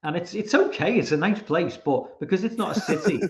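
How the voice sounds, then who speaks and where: An English man with a high, somewhat dark voice talks quickly and with lively intonation as a podcast guest. He rambles through casual chat, often repeating words as he thinks. The recording is roomy, dull and lo-fi.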